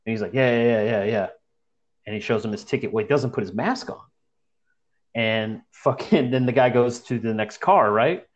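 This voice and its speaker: A man's voice: medium pitch, normal speed, lo-fi sound. A young man casually telling a story to friends, profane and slangy, acting out the people he describes. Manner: profane, slangy, animated retelling.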